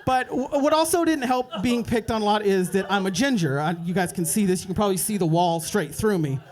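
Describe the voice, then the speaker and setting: A young man doing a stand-up set at an open mic night, telling a rambling story and dropping into quick voices for the people in it. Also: sits high. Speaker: stand-up comedian. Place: open mic comedy club.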